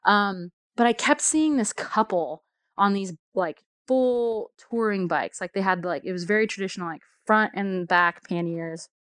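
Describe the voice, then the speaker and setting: A woman's voice: mid-range voice, measured pace, fairly bright tone, no room sound. A woman telling a travel story in a casual, chatty way, full of fillers and laughter.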